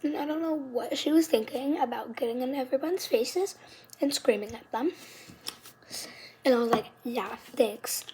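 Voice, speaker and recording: Chatty high-voiced girl telling drama. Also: moderate pace, pauses often, dark tone, husky. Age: child, fifth grader. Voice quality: high, youthful, shifts into whispered asides. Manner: chatty, dramatic retelling with many "like"s. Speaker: vlogger. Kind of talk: casual storytelling vlog.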